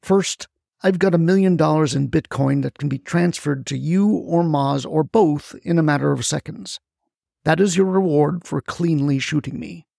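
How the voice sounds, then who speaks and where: A man voicing a scheming male landfill mogul who talks in a calm, smooth, persuasive way. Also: fairly high pitch, moderate pace, dry recording, clean studio sound. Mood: fatalistic.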